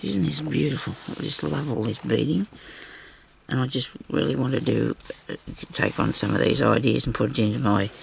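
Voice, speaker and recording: A woman's voice: extremely low pitch, gravelly, slight background noise. A woman vlogging a crafting demonstration, rambling and chatty as she talks straight to her viewers.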